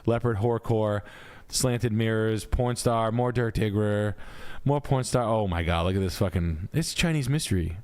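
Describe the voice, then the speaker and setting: This is a man with a fairly low voice doing live-stream commentary. He tosses out crude, profane jokes as he reviews house listings, and his talk is loose, mocking and off the cuff. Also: moderate pace, hardly any pauses, darkish tone. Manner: crude, joking, profane riffing. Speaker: realtor reviewing house listings, show host.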